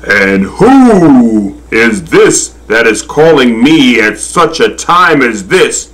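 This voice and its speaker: A man voicing a gentle, booming divine lord in a storybook, speaking slowly and kindly. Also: very animated, poor audio. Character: gentle, booming, elderly male divine figure. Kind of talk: storybook reading.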